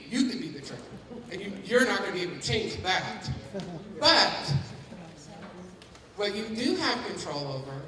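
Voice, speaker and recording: This dementia care educator has a lowish voice with a sharp tone, heard from a distance in the echoey large hall of a community forum, where a little hiss or hum also comes through. Leading a caregiver workshop, she talks to the room interactively and keeps asking questions to hold the audience's attention.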